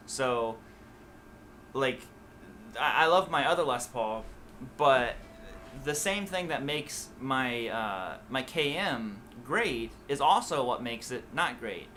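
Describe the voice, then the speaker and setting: An American man with a blended Midwest and Southern accent talks off the cuff to a live audience, his voice bright and forward. He wanders through his thoughts with plenty of "like" and "um" and a lot of restarts. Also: medium pitch, a little hiss or hum. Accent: mixed Midwest and Southern US. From USA. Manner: rambling, loose, many fillers and restarts. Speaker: guitar teacher answering live chat. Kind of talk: casual livestream chat.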